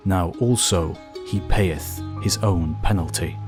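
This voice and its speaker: A man's voice: sits low, darkish tone, soft background music, pitched below the performer's own voice. A man reading a stern guiding angel. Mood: solemn. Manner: grave, measured pronouncements. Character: stern male angel guiding through hell.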